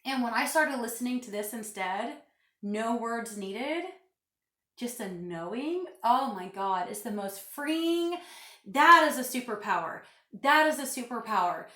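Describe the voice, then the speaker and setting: A woman's voice: a little high, lively intonation, a little slow, sharp tone, reverberant. Emphatic woman preaching into a phone. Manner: emphatic, preachy, repeats phrases for stress. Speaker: spiritual vlogger. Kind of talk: casual vlog monologue.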